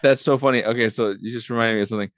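A man's voice: mid-range voice, steady tone, rapid-fire, no room sound, clean studio sound. A young man co-hosting a podcast, chatting in an easygoing, agreeable way with lots of filler words. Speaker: podcast co-host. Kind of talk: casual chat.

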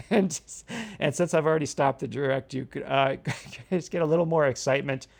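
A man's voice: on the high side, steady tone, moderate pace, vocal fry. A man co-hosting a casual podcast who playfully coaches his co-host on a word and laughs a lot. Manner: teasing, coaching pronunciation, frequent laughter.

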